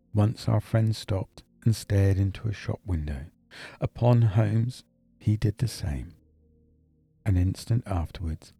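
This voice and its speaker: A man narrating an audiobook in steady, measured, scripted storytelling. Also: low voice, breathy edge.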